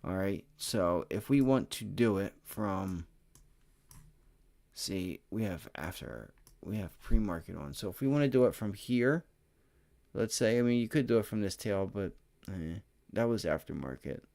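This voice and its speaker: Male host, low voice, excitable live trading commentary, tired but animated, casual swearing. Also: measured pace, vocal fry. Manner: energetic and excitable, swearing, talking to chat. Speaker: stock trading livestream host.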